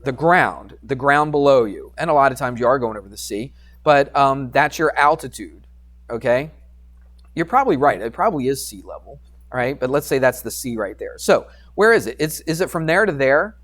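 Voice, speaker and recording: A male math teacher talks his class through geometry in a relaxed, chatty way, at an ordinary middle pitch. He pokes fun at himself and keeps checking in with questions for his students. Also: normal speed. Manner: casual, self-deprecating, keeps quizzing the class.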